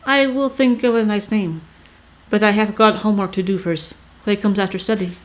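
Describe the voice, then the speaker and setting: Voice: medium pitch, fairly even intonation, moderate pace, natural voice. A player voicing a lonely, unusually mature young girl who talks in a blunt, matter-of-fact way. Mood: earnest. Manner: dismissive of classmates, matter-of-fact.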